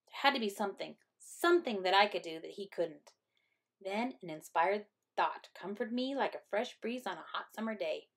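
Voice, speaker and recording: Gravelly-voiced woman reading to kids. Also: mid-range voice, moderate pace. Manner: gentle, expressive storytelling. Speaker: teacher. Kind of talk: reading a picture book aloud to children.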